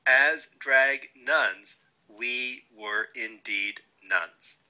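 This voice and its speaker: An older man being interviewed, telling wry, lively stories and quoting people along the way. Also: medium pitch, extremely slow, poor audio. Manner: wry, animated anecdotes with quoted voices. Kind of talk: storytelling interview.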